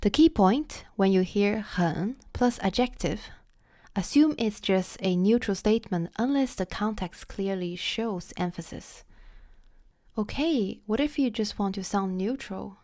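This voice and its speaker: A woman teaching Chinese in a scripted lesson, repeating each example phrase slowly and carefully for learners. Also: mid-range voice, dark tone, dry recording, clean studio sound.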